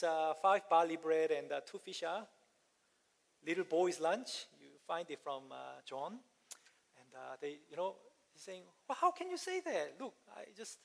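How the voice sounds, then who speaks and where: A man's voice: a little high, a bit bright, in a large hall. A man preaching a sermon, telling a story, acting out voices and asking the congregation questions. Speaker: pastor.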